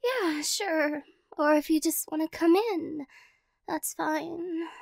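A woman in a whispered role-play as a tearful ex-girlfriend, talking softly and rambling, flustered and emotional. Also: very high-pitched, takes it slowly, gravelly, no room sound, studio quality. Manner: soft, rambling, self-conscious and emotional. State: teary after crying. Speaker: ASMR role-play performer.

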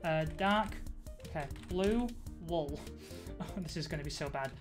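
Young woman streamer, lowish voice, giggly rambling live gameplay chatter at a desk mic. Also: unhurried, over music. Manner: rambling, giggly, self-mocking, many fillers. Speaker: Twitch streamer.

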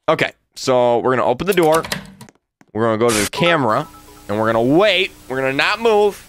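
A man's voice: mid-range voice, expressive, a little fast, long pauses, a bit bright, soft background music. A man playing a horror game and commenting, muttering nervously and repeating himself. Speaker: gaming YouTuber. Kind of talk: let's play commentary.

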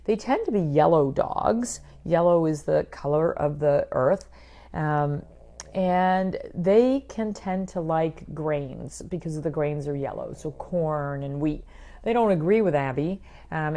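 A middle-aged woman veterinarian giving a chatty, animated talk about pets, full of quick asides. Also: low-pitched, vocal fry. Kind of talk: casual educational talk.

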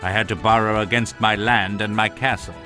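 A man voicing a sad, resigned older knight in an audiobook, speaking slowly and mournfully. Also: on the low side, steady tone, music in the background, close to an everyday voice. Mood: sorrowful. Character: weary, downcast older male knight. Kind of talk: audiobook character voice.

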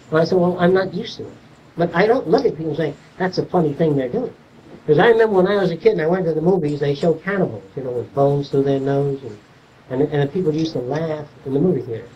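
On a muffled, faraway 1970s recording with some hiss or hum, an older man with a fairly high voice lectures informally. He's blunt and salty, and he brings his stories to life by performing the dialogue himself.

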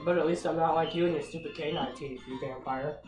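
A woman's voice: low voice, steady tone, fast talker. A woman gaming with a friend, teasing, swearing and laughing as she plays. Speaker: gamer. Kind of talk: casual banter while playing a video game. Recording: echoey room from far off with music.

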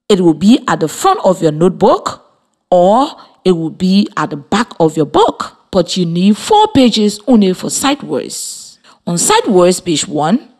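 A woman with a Liberian English accent teaches children through a scripted radio lesson. She spells each word slowly, one letter at a time, in a fairly low voice.

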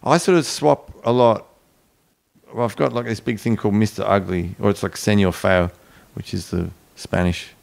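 A man's voice: on the low side, steady tone, normal speed, creaky, darkish tone. A laid-back man, a band guest, chatting casually and offhandedly in an interview. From Australia.

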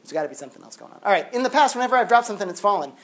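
A man's voice: high-pitched, racing. A man lecturing a classroom in a casual, chatty way, full of "like" fillers. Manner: chatty, animated, lots of "like" fillers. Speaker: university philosophy lecturer.

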